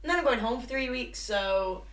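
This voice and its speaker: A woman's voice: fairly high pitch, animated, moderate pace, fairly bright tone. A young woman co-hosting a casual podcast, talking frankly and swearing freely as she mocks herself. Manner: frank, sweary, self-mocking. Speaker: podcast co-host. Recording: echoey room.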